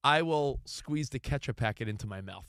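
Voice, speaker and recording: A man's voice: medium pitch, expressive, fairly quick, creaky, a bit bright, clean tone, no room sound, studio quality. A man co-hosting a sports radio show, owning up to his habits in a self-mocking way. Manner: self-deprecating, confessional. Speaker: radio co-host. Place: radio studio. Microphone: studio mic.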